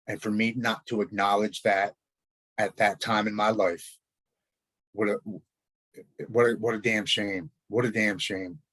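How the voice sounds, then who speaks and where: A man telling his own story in a blunt, halting way, with repeated words and swearing. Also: on the low side, level tone, fairly bright tone, dry recording. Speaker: storyteller recounting his recovery. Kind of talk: personal spoken story.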